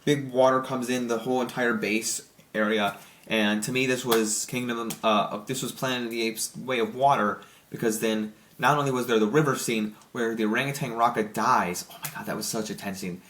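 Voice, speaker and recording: A young man giving a casual, rambling spoken movie review, excited and full of restarts and fillers. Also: mid-range voice, moderate pace. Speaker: film reviewer.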